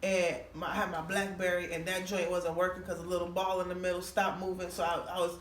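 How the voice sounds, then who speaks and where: A female comedian guesting on a podcast tells a long, profane story in a lowish voice at a quick pace, animatedly acting out the people involved. The mic is distant and roomy, with faint noise.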